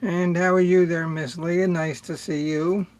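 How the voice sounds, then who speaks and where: Slow-talking man hosting a music livestream. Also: on the high side, flat delivery. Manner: slow, rambling, greets chatters by name. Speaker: livestream music show host. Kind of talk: casual livestream chat with viewers.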